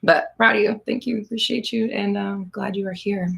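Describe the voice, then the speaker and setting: A woman's voice: medium pitch, fairly even intonation, moderate pace, creaky, a bit bright. A woman coaching on a live stream, chatty and blunt, swearing freely and laughing between comments. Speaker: manifestation coach hosting a live Q&A. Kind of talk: casual live-stream chat.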